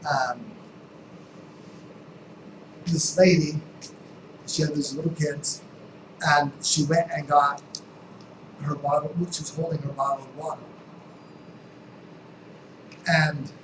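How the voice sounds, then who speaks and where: A man giving a live sales training talk, telling stories and acting out the people in them with emphatic, sometimes shouted lines. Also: a little high. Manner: storytelling, acts out quotes with shifting voices; emphatic, rising to near-shouts. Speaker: real estate sales trainer. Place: training room. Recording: roomy, distant mic, air conditioning hum.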